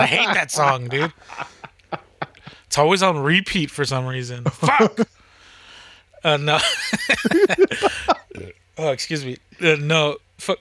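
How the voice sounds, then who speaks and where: Bright, rambling, cursing young man. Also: on the high side, dry recording. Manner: rambling, swears a lot, laughs often. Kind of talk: casual chat.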